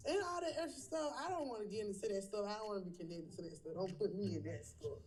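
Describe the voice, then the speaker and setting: A woman answering interview questions bluntly and with profanity, thinking her answers through out loud. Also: mid-range voice, quick pace, breathy edge, recorded from a distance, soft background music.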